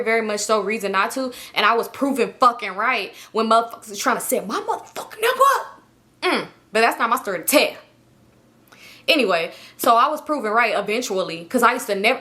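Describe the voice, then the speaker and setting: Young woman, bright voice, higher pitch, animated profane storytime. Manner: animated, profane, acts out her own past texts and thoughts. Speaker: storytime vlogger. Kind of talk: casual storytelling to viewers.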